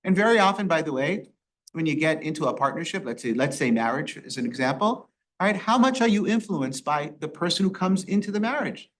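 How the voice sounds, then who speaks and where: A rabbi leading a Torah study class, asking rhetorical questions and quoting Hebrew verses. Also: male voice, fairly high pitch, expressive, a little fast. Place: synagogue classroom.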